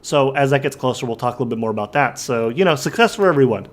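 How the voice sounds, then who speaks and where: A man's voice: medium pitch, expressive, quick pace. A man co-hosting a comedy podcast, cracking wry jokes and reading out announcements in casual banter. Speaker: podcast co-host.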